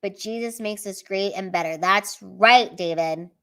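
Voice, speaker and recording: A woman's voice: mid-range voice, unhurried, fairly bright tone. Female streamer, mid-range voice, blunt and foul-mouthed but sincere, reads chat aloud in a loose, casual way. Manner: blunt, profane, earnest pep talk. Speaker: live stream host reading chat.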